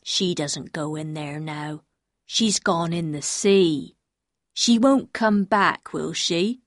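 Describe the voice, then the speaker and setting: A woman voicing a simple-minded, fearful man in a storybook reading, speaking very slowly and haltingly in a low voice. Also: dry recording, clean studio sound. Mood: uneasy.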